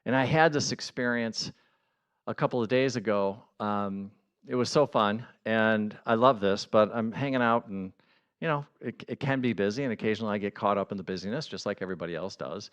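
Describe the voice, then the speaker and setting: A man giving a conversational sermon as a pastor, earnest and building to excited emphasis. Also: lowish voice, a little fast, smooth.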